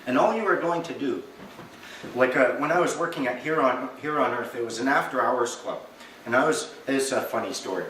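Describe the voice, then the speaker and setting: Animated male lecturer in an echoey room. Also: medium pitch, brisk, a little hiss or hum. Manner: animated, acts out little dialogues with humor. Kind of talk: lecture to a live audience. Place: meeting room with an audience. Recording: echoey room, recorded from far off.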